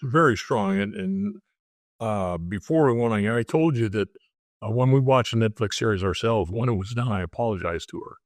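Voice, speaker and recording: Older man, retired detective guest, low voice, dry close sound, frank storytelling. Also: animated, moderate pace, no echo. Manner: plainspoken, candid storytelling. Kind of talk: casual interview storytelling.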